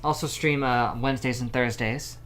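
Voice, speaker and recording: A man in casual stream chat, relaxed and friendly as he thanks viewers and lists the schedule. His voice sits at an ordinary middle pitch. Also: normal speed, soft background music. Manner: relaxed, friendly sign-offs. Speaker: co-host of a live gaming stream.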